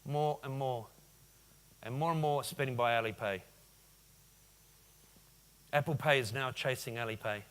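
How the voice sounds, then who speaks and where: A man in his forties delivers a business keynote in a conference hall, talking straight to the audience and peppering them with questions. His voice sits at an ordinary middle pitch for a man. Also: a little slow, long pauses, smooth. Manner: lively, addresses audience with questions. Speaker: conference speaker.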